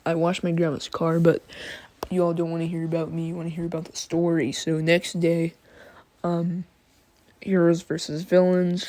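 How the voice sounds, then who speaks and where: A woman's voice: lowish voice, warm tone. A sleepy woman telling a fan story in a casual, slangy, drawling way with many fillers.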